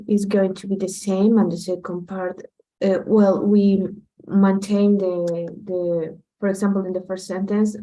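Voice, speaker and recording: A woman's voice: medium pitch, dark tone, rough recording. A female student asking her teacher a hesitant question in an online class. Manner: hesitant, many fillers.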